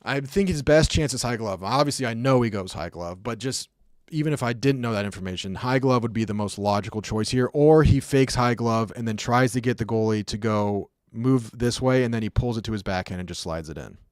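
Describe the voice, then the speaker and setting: Talking through hockey clips on stream, a young man keeps things chatty and rambling, scattering fillers and imitating sounds. His mid-range voice runs a little fast, and the studio-quality recording is dry.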